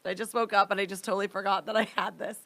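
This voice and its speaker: A woman's voice: mid-range voice, little pitch movement, rapid-fire, gravelly, pushed and bright. A young adult woman co-hosting a comedy podcast, chatting casually with giggles and exclamations. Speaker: podcast co-host. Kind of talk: casual chat.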